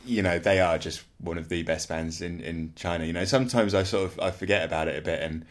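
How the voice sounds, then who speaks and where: Man, deep voice, podcast co-host, rambling casual chat, hedgy. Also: steady tone, fast talker. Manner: rambling, hedging with "sort of" and "you know". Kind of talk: casual chat about live music.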